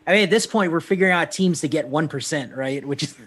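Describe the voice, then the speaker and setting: A man's voice: on the high side, fast, a bit bright. A man co-hosting a casual gaming stream, talking in a laid-back way with lots of fillers and repeats. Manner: laid-back, hesitant, filler-heavy, calls people man.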